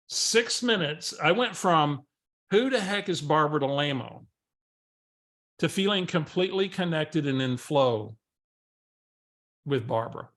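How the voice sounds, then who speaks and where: Bright-voiced man telling a coaching story. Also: a little high. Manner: conversational, animated storyteller, acts out dialogue. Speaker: real estate coach, co-host.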